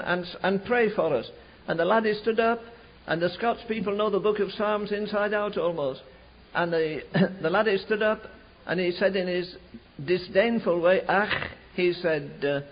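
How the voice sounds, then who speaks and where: A man preaching a sermon, telling a revival story in an animated way, slowing and rising for emphasis. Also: high-pitched. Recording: dull lo-fi recording.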